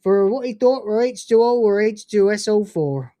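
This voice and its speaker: A man's voice: sits high, expressive, moderate pace, warm tone, no room sound. A man voicing a rustic Cornish sheep farmer with a put-on Cornish accent and a folksy sing-song drawl. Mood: jolly.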